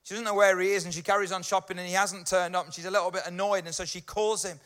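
A man preaching a friendly, chatty sermon in a fairly high voice, pausing to check in with his listeners. His tone is bright and forward. He sounds middle-aged. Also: level tone. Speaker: pastor. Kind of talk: conversational sermon.

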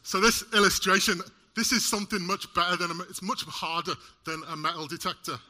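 A man preaches to a congregation with a very bright, ringing tone, pitched a little high. He talks in an animated way, using props and joking with the listeners. The sermon is lively and personal. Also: brisk. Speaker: lay preacher. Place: church service in front of a congregation.

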